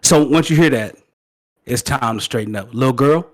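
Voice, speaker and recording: A man's voice: mid-range voice, moderate pace, no echo, clean studio sound. Laid-back male podcast host. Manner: relaxed, says "right?" often. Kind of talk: casual chat.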